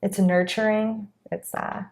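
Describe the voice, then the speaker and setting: A woman's voice: mid-range voice, level tone, unhurried, darkish tone. A woman, a Reiki master, speaking as a guest in a casual interview, open and heartfelt, often rambling with filler phrases. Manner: open, heartfelt, rambling with many "you know"s.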